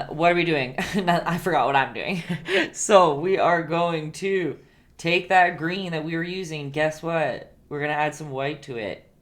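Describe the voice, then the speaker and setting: Chatty woman teaching a painting live stream. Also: sits low. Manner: chatty and playful, laughs often and reacts to viewers.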